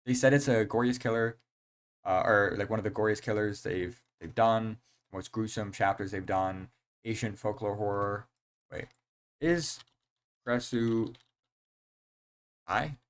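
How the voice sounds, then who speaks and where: A young man talks on a live game stream. His voice sits a little low. He rambles from one thought to the next, gets excited easily, and leans on slang and fillers. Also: moderate pace. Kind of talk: casual live-stream chat.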